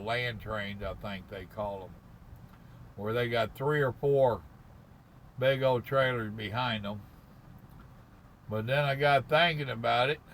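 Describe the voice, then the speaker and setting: A man's voice: medium pitch, fairly bright tone, slight background noise, poor audio. A man, a truck driver chatting casually on a live stream and reading viewer comments in a folksy drawl. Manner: folksy, slow drawl, calls people brother. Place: parked in his truck cab at a stop.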